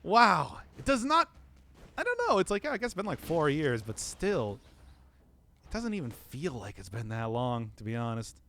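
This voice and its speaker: Lively, groggy-voiced man streaming a game. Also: fairly high pitch, normal speed, a little hiss or hum. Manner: rambling, laughs often, self-mocking. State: groggy from not talking all day. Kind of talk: casual gameplay commentary.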